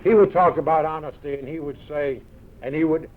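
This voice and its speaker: A man with a New York accent telling gruff, punchy stories to a meeting audience, full of quoted one-liners. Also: on the high side, a little fast. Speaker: recovery meeting speaker. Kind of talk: storytelling talk to an audience. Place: large event hall. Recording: tinny old 1970s tape recording.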